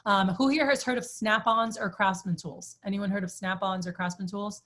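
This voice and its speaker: A woman's voice: medium pitch, fairly even intonation, normal speed, a bit bright. A woman giving a casual sales training talk to a group, telling stories in a chatty way with many fillers and asking the group questions.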